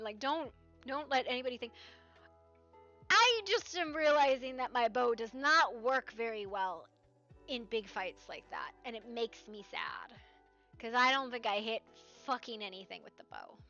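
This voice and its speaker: A woman streamer chatting casually about a roleplay game, rambling and animated, often tagging "right?" onto her points. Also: a little high, normal speed. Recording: slightly dull stream mic with faint music.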